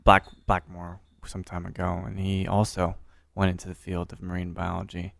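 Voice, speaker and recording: Podcast host, gravelly low voice, affirming and upbeat interviewer. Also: male voice, completely flat delivery, normal speed, a bit bright.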